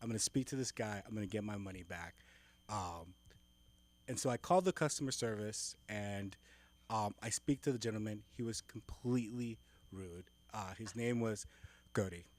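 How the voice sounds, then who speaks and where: A man doing a stand-up set on a comedy club stage, telling a story in a deadpan way. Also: fairly low pitch, moderate pace. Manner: deadpan storytelling, acts out phone calls.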